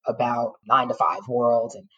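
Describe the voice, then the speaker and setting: A woman's voice: a bass voice, steady tone, normal speed, pushed and bright, slightly rough, lo-fi sound. A middle-aged woman, a former teacher, frankly telling her personal story in an interview, with emotion and occasional laughter.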